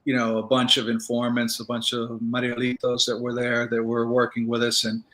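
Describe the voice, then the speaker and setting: A man, a former federal agent, telling stories in a casual interview, relaxed and rambling with many fillers. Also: medium pitch, moderate pace.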